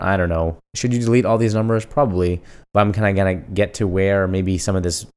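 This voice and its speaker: Smooth-voiced man, self-questioning. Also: fairly low pitch. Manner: asks himself questions and answers them, jokey and animated. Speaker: podcast host. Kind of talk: casual solo podcast monologue.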